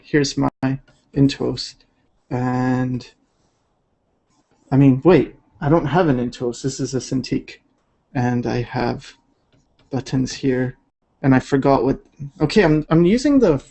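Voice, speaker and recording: A man's voice: medium pitch, slow pace, creaky, long pauses, mellow. A man chatting casually while drawing on a livestream, laid-back and rambling with many fillers. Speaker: digital artist streaming.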